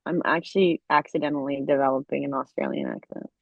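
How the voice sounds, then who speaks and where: A woman's voice: rumbling low, fairly even intonation, fast, creaky, no echo, narrow, tinny audio. A woman from the States co-hosting a podcast, telling travel stories in a chatty way, with lots of fillers and laughs. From United States. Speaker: podcast co-host. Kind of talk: casual chat. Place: travelling abroad, speaking remotely.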